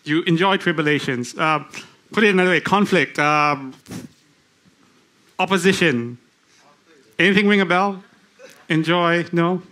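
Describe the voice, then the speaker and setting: A man preaching a sermon, asking the congregation questions and reading scripture slowly, with frequent restarts. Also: a little high, sharp tone. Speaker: lay preacher.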